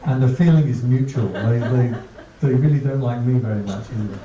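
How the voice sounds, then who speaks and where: Speaking briskly in a mid-range voice, a male Buddhist monk teaches a mindfulness class in a light, funny way. He tells stories and chuckles at his own jokes, with crowd noise audible in a dull, distant, roomy recording.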